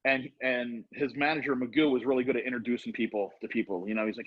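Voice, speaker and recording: A man's voice: medium pitch, moderate pace, breathy edge. A middle-aged man telling a long rambling story in casual chat, acting out what people said. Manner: rambling, animated, acts out quotes. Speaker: storyteller guest. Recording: dull lo-fi sound.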